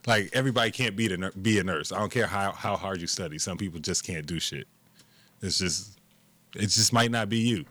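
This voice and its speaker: A man's voice: low voice, brisk, a bit bright. A man co-hosting a casual podcast, giving blunt, profane opinions. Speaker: podcast co-host. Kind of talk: casual chat.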